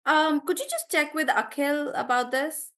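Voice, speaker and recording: A woman from South India with a South Indian English accent teaches pronunciation in a live online class. Her high-pitched, slightly bright voice moves at a normal speed as she encourages students and splits words into syllables.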